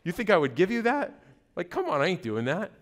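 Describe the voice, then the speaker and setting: A man's voice: high voice, huge pitch swings, brisk. A man voicing God as an exasperated male deity who scoffs at a request. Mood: scoffing. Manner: incredulous, scoffing.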